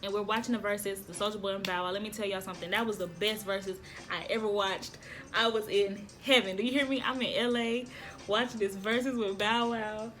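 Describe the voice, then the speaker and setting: A woman vlogging casually, telling a story to viewers in an excitable way, repeating phrases and laughing often. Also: mid-range voice, moderate pace, faint music behind.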